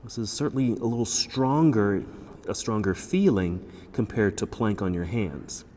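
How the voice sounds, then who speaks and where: A man leading a guided yoga class, giving calm, encouraging cues about posture and breathing. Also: on the low side, moderate pace, in a large hall. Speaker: yoga instructor. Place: yoga studio.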